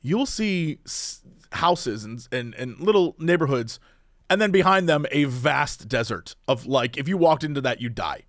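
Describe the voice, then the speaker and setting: Lively high-voiced man chatting. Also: a little slow, dry recording, clean studio sound. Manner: rambling, animated, full of restarts and fillers. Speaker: podcast co-host. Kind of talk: casual chat.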